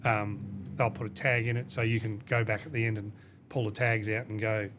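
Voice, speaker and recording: Low-voiced man explaining at length. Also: flat delivery, a little fast, fairly bright tone, slight background noise. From Australia. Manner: rambling, explanatory, many restarts and "you know". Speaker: company CEO, guest. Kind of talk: casual podcast interview.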